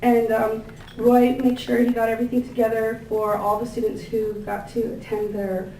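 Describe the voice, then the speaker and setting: A woman giving a thank-you speech at a gathering, introducing guests with warm, gushing words and many fillers. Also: fairly high pitch, little pitch movement, moderate pace. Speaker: event organizer introducing staff and guests. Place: large indoor room with tables. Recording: echoey room, picked up from a distance, faint ambient noise.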